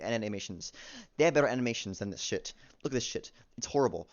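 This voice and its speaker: A man with a low, smooth, resonant voice rambles through a foul-mouthed movie review, halting and restarting often. The recording is dull and lo-fi. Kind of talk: casual profane movie review rant.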